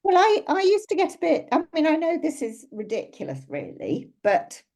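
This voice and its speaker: A woman's voice: high-pitched, wildly swooping pitch, moderate pace, darkish tone. A middle-aged woman co-hosting a casual podcast chat, talking with hesitant fillers. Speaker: podcast co-host.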